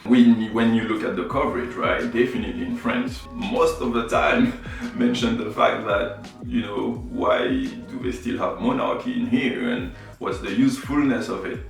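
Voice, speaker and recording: A man from Martinique talks through his ideas in a relaxed, explanatory vlog, often checking in with the listener. His voice sits fairly low and carries a strong echo. He sounds set back from the mic, with faint music underneath. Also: moderate pace, gravelly, recorded from a distance. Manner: explanatory, repeats "right?" and "you know". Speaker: photography YouTuber. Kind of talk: reflective vlog talk.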